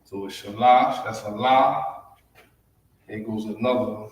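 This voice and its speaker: A man's voice: on the low side, fairly even intonation, a little slow, distant mic. A man with a Southern US accent teaching a livestreamed class, repeating words and checking in with listeners. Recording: echoey room, voice from off the mic.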